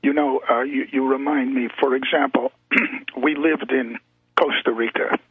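A male guest calling into a talk radio show, speaking in a halting, storytelling way with frequent restarts. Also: mid-range voice, fairly even intonation, breathy edge, no echo. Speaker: call-in guest. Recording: tinny phone line.

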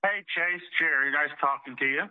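A man calling in to a radio show, speaking in a calm, soothing way. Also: a little high, normal speed, dry recording. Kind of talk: phone-in chat. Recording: tinny phone line.

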